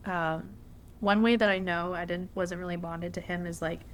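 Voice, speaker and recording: A woman's voice: on the low side, fairly even intonation, moderate pace, a little hiss or hum. A young woman hosting a podcast, telling a personal story in a candid, conversational way. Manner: candid, conversational, frequent fillers. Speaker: podcast host.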